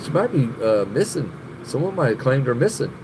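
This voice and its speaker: A man's voice: mid-range voice, sing-song, fairly quick, background noise. Profane man rambling on a live stream. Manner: rambling, profane, laughing often, greeting viewers. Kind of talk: casual live stream chat.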